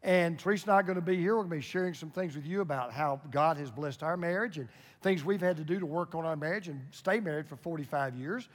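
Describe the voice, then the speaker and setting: An older male pastor in his sixties delivers a sermon in a folksy, storytelling way and jokes with his congregation. His voice sits high for a man. It rings out with the long reverb of a church sanctuary. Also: quick pace.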